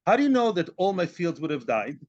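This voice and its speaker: A man with a high voice teaches a Talmud lesson. He acts out each side of the case in lively turns and mixes Hebrew and Yiddish terms into his English. The recording sounds dull and lo-fi. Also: a little fast. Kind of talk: animated Talmud class.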